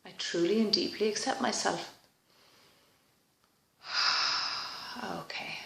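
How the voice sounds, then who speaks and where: A woman talks through a tapping session at a slow, soft, reflective pace. Her voice has a gravelly, creaky texture. The recording sounds roomy and echoey, with faint noise behind her. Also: mid-range voice. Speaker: EFT tapping practitioner.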